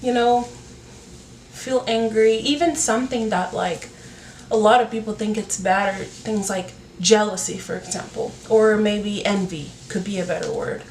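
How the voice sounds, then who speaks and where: A woman's voice: medium pitch, steady tone, normal speed, a little mellow. A woman hosting a casual advice talk, speaking earnestly with many filler words. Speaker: YouTube talk host. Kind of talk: casual advice talk while doing her hair. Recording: roomy, from a distance, faint noise.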